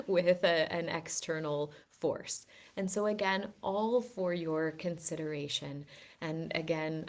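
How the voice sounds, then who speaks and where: A woman giving an earnest, gently persuasive wellness talk to her group, with frequent restarts. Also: low-pitched. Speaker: wellness teacher. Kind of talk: reflective teaching talk.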